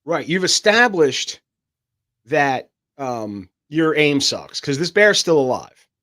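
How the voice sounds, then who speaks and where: A man's voice: medium pitch, lively intonation, takes it slowly, fairly bright tone. A man co-hosting a podcast in casual, joking banter, swearing freely. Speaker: podcast co-host.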